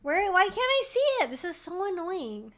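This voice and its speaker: A high-pitched young woman chats loosely on a live stream. She rambles, swears and laughs a lot, with a slightly tipsy looseness. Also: very animated, normal speed, fairly bright tone. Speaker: streamer hosting a Q&A. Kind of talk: casual live-stream chat.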